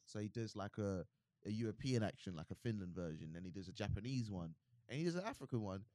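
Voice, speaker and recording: A young man, chatting casually on a podcast, animated and quick to argue. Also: fairly low pitch, no room sound, clean studio sound. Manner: animated, argumentative, laughs easily. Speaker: podcast co-host. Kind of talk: casual chat.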